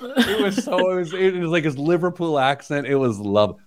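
A man hosting a talk show, telling a story with lively energy and playful asides. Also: on the high side, moderate pace. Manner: animated storytelling, mimics voices with laughter. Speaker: podcast host. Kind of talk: casual chat.

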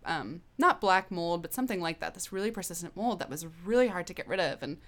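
A woman in her thirties telling a candid personal story as a guest, animated and swearing casually. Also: on the low side, fast.

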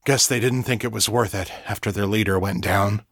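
A man's voice: on the low side, a little fast, a bit bright, dry recording, studio quality. A man voicing a relieved young male telepath in an audiobook, speaking in a plain, understated way.

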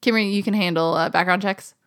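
A woman's voice: mid-range voice, steady tone, fairly bright tone. Young female co-host, casual banter, laughs easily, playful asides. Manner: giggly, playful, quick asides. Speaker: podcast co-host. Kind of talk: casual chat.

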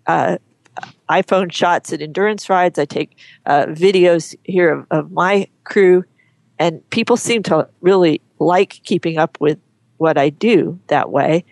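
A woman guest on an interview show, talking frankly and chattily, often pausing and restarting her sentences. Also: on the low side, vocal fry, darkish tone, no room sound. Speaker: guest, horse photographer. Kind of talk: casual interview chat.

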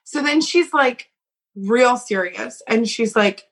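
A young woman co-hosting a podcast, telling a story in a casual, animated way and acting out the quotes with laughs. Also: fairly high pitch, slow pace, slightly rough. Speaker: podcast co-host.

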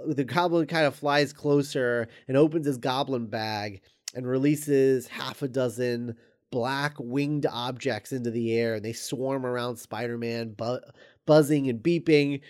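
A man's voice: mid-range voice, clean tone. A man casually retelling a screenplay scene by scene, hesitant and full of ums and restarts, amused as he goes. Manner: amused, chuckles while recounting.

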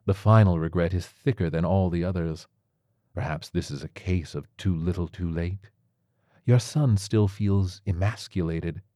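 This tiger surgeon, played by a man in an audio story, speaks softly with a calm, clinical steadiness and a gentle matter-of-fact manner. The deep voice is recorded close and dry, with no room sound.

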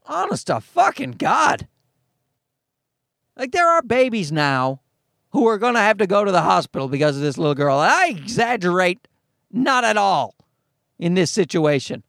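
Man, profane exasperated storyteller, slightly high voice, dry close sound. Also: sing-song, moderate pace, creaky, fairly bright tone, dry recording. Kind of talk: comic ranting anecdote.

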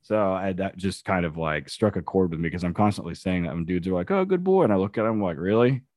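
A man co-hosting a casual podcast, telling profane, animated stories about police dogs. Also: low voice, fast, no echo, studio quality. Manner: profane, animated storytelling with quoted asides. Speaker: co-host, police dog handler.

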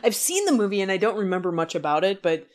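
A woman in casual conversation, calmly explaining points and chatting about films. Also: medium pitch, quick pace.

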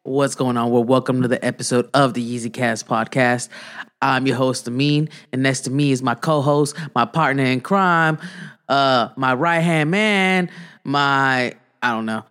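A man's voice: medium pitch, a little slow, a bit bright, smooth. A man hosting a podcast in casual chat, rambling and joking, fumbling for words. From Iran. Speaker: podcast host.

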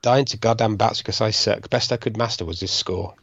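A man's voice: fairly low pitch, steady tone, fairly quick, a bit bright, husky, dry recording. A man with an easygoing, self-deprecating way of talking reads out listener scores on a casual podcast. His voice comes through dry, with a slightly muffled, dull sound, as if no room is around him at all. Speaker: podcast co-host.

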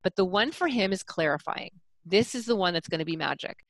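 A woman's voice: lowish voice, a little fast, no room sound. A middle-aged woman coaching a parent, explaining techniques and acting out examples. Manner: animated, demonstrative, explains with acted examples. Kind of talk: coaching talk.

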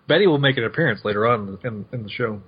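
A man's voice: mid-range voice, slightly rough. A man hosting a podcast, recapping a comic in casual, rambling chat that corrects itself and often breaks into laughs. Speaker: podcast host. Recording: muffled lo-fi podcast mic.

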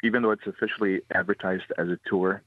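Low-voiced man over a phone line. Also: dry recording. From Hawaii. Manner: steady, unhurried storyteller. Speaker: ghost tour guide, guest. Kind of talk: ghost story telling on radio. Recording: dry, tinny phone line.

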